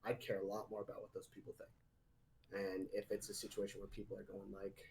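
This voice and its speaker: A man's voice: fairly low pitch, monotone, a little fast, vocal fry, darkish tone, slight background noise, poor audio. Laughing, rambling man on a podcast. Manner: rambling, laughs often, teasing. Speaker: podcast co-host. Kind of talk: casual chat. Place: studio or home room, live podcast.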